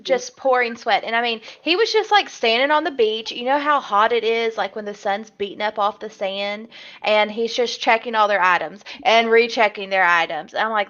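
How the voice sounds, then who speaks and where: A young woman with a slightly high voice, heard through somewhat dull, lo-fi audio. She co-hosts a reality show recap and tells it with animation, slipping into the contestants' voices as she goes. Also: normal speed. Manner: animated storyteller, acts out the contestants' lines. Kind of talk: casual recap chat.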